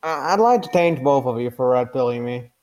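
A man's voice: mid-range voice, lively intonation, fairly quick, a little mellow. A teenage boy calls in to a live show, hesitant and full of fillers. He sounds grateful as he thanks the hosts. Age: teens. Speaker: caller. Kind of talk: casual call-in chat.

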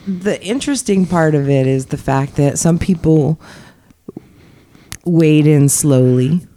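A woman's voice: low voice, slow pace, mellow, no echo. A woman talking frankly in a casual podcast chat, chatty and laughing often.

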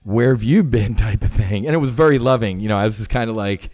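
A middle-aged man, a former fighter pilot, telling stories as a podcast guest in a casual, animated way, swearing freely and full of "you know" fillers. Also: fairly low pitch, fast, dry recording. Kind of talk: casual conversational storytelling.

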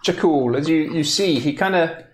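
A man narrating as game master in a relaxed, animated way, recorded in an echoey room. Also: a little high, normal speed. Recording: echoey room, faint noise.

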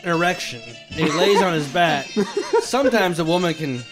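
A man in casual podcast banter, telling a story in an animated way and laughing. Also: high voice, moderate pace, over music.

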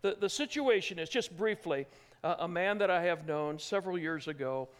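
Man, high voice, pastor giving a sermon, swings from soft comfort to loud emphasis. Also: moderate pace, clear, resonant tone. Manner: shifts from hushed, gentle reassurance to loud, emphatic preaching.

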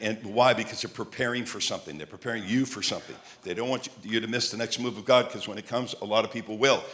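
A man preaching a sermon, telling lively stories and repeating phrases like a chant. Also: fairly low pitch. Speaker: traveling preacher. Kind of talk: sermon with storytelling.

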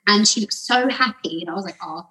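A woman's husky voice carries this casual podcast chat. She rambles through her stories and acts out what other people said along the way. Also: medium pitch, a little fast, rough recording. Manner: rambling, warm storyteller acting out quotes with laughs. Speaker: podcast guest.

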